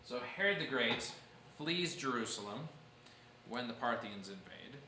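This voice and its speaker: A man's voice: medium pitch, lively intonation, a little slow, pushed and bright, echoey room, slight background noise, low-quality recording. A man teaching a church history class, explaining events patiently and answering questions from his students.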